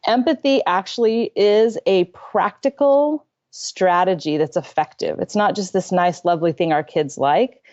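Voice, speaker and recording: A woman guest on a parenting interview, telling a personal story in a candid, self-deprecating and animated way from her room at home. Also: lowish voice, measured pace, hardly any pauses, highs cut off. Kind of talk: conversational storytelling.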